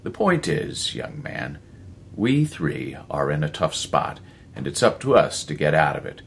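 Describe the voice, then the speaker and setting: A male narrator voicing an older scientist who sounds intense and commanding and speaks in a lecturing, slightly halting way. He plays it as a storybook figure. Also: a bass voice, very animated, gravelly, a little hiss or hum, full character voice.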